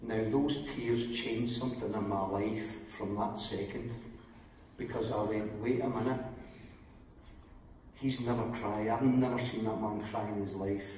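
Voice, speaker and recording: A middle-aged Scottish man telling his life testimony from the pulpit, acting out the quoted voices in his story and often dropping to a quiet, low voice. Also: fairly even intonation, unhurried, slight background noise. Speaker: guest preacher giving testimony. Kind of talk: testimony sermon. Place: church hall. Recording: very echoey hall, voice heard from far off.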